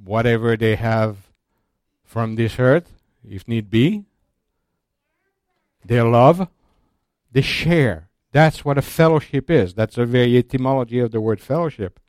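A man teaching a sermon in a slow, deliberate, emphatic way, restarting his phrases often. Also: medium pitch, a little mellow, no room sound, clean studio sound. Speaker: Bible teacher.

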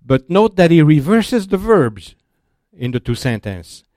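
A man teaching a sermon in a slow, deliberate, emphatic way, restarting his phrases often. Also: fairly high pitch, very animated, a little mellow, no echo, studio quality. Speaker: Bible teacher.

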